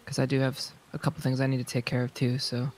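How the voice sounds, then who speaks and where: A man's voice: mid-range voice, monotone, quick pace, darkish tone, slight background noise. Easygoing mid-voiced man player. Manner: easygoing, with fillers and sighs. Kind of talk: casual chat at a tabletop game.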